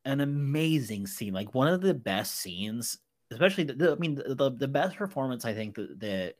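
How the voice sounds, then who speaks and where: A man's voice: medium pitch, animated, normal speed, no echo. A man co-hosting a casual film discussion podcast, enthusiastic and rambling as he talks through scenes. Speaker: podcast co-host.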